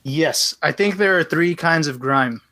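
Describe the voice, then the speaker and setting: Unhurried and fairly high-pitched, a male podcast guest tells a long story in a casual, animated style, performing both voices in each quoted exchange. The recording is dry.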